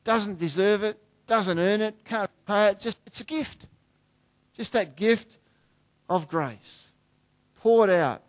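A middle-aged man preaching a sermon in a fairly high voice. He talks to the congregation in a conversational way, shifting between hushed, quiet lines and emphatic declarations. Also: takes it slowly, pauses often. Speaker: pastor.

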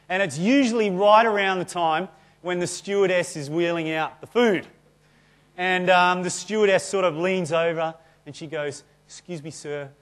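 A man preaching to a church congregation. He talks in a loose, conversational way, full of self-deprecating stories. His delivery stays lively and chatty rather than formal. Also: on the high side. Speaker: pastor. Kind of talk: sermon.

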